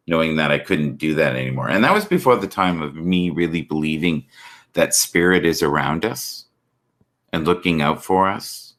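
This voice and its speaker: A man's voice: rumbling low, a bit bright. A man hosting a live stream, chatting earnestly about forgiveness, love and spirit over a video call. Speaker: livestream host. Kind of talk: casual chat.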